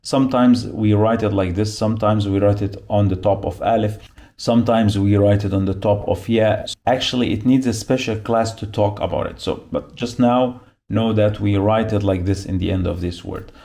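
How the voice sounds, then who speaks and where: A man's voice: lowish voice, steady tone, normal speed, creaky, dark tone. A man giving a beginner phonics lesson, repeating each sound and syllable patiently as he explains the marks. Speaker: Arabic teacher.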